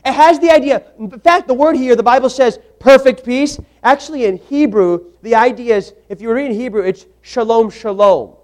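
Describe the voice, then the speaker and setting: A man's voice: very high voice, fairly quick, few pauses, a little mellow. A man preaching a sermon, emphatic, repeating words for stress and putting questions to the congregation.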